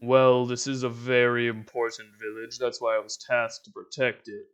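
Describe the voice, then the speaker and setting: A man voicing a huge, stern male guardian warrior clad in armor, speaking slowly and deliberately. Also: mid-range voice, level tone, fairly bright tone, clean tone, natural voice. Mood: measured. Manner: slow, measured, drawn-out. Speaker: game master voicing a character.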